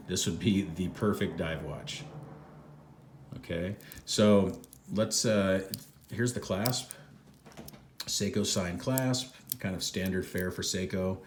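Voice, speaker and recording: Deep-voiced man rambling through a review. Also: a little hiss or hum. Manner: relaxed, rambling, many fillers. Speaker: watch reviewer. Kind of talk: casual product review. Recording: echoey room.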